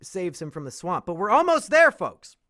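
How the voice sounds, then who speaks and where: Man, podcast host, high voice, bright tone, animated, swears a lot, laughs often. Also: moderate pace. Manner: animated, profane storyteller who laughs often. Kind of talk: casual podcast chat, retelling a film.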